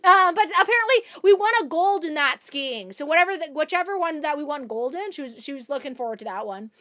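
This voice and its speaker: A woman's voice: high voice, lively intonation, quick pace, pushed and bright. A young woman from Canada, chatting casually with viewers on a live stream, full of fillers and restarts.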